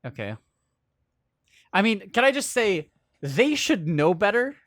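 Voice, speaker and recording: A man's voice: sits high, very animated, unhurried, fairly bright tone, dry recording, studio quality. A man chatting through a movie commentary, wandering into tangents and quoted movie lines. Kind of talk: casual movie commentary chat.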